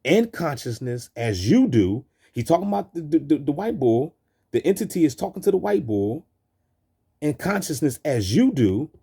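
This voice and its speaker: His voice a little high, creaky, mellow and husky, a man hosting a video preaches in street slang over film clips. He talks at normal speed with big pitch swings, repeating himself and restarting over and over.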